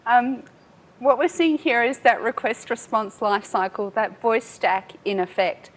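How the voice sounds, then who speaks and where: A woman giving a live software demo at a tech talk, chatty and self-mocking, laughing often. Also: fairly high pitch, expressive, measured pace. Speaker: tech speaker.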